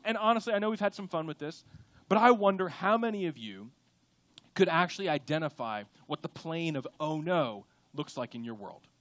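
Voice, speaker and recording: Young guy pastor preaching, fairly high voice, bouncy, acts out little voices, dry close sound. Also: moderate pace, no echo. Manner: animated, acts out quoted voices. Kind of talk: sermon. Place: church auditorium.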